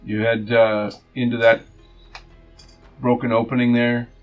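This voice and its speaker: A man's voice: medium pitch, unhurried, phone-quality sound, soft background music. Man running a tabletop game. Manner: relaxed, joking, laughs often. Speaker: game master.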